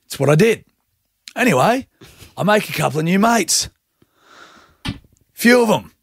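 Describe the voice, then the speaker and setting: Rambling Australian radio host. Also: male voice, high voice, a little slow, gravelly, slight background noise. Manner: rambling animated storyteller. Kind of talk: casual radio banter.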